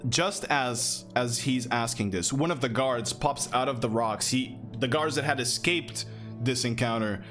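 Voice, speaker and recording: A man's voice: mid-range voice, measured pace, a bit bright, faint music behind. Man narrating as game master. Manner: loose, casual storytelling.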